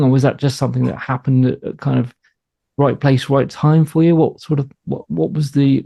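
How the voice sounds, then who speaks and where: A man's voice: mid-range voice, creaky, warm tone. A man co-hosting an interview, asking questions and rephrasing them as he goes. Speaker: co-host.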